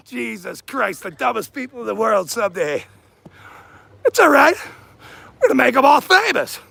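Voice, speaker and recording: A man livestreaming outdoors in a parking lot on a handheld camera, taunting people, shouting insults and laughing often. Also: extremely high pitch, wildly swooping pitch, takes it slowly, creaky, pauses often, no echo. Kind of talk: livestream rant.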